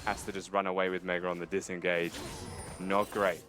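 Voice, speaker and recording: Low-voiced male analyst commentator. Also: little pitch movement, fairly quick, over music. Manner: thoughtful, laughs easily. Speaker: esports color commentator.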